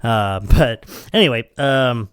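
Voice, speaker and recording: A man hosts a podcast in loose, rambling chat, laughing often between his thoughts. His voice is smooth and clear and swings widely in pitch while he talks at an unhurried pace. The recording is dry and close. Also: expressive, dry recording. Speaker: podcast host. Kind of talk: casual chat.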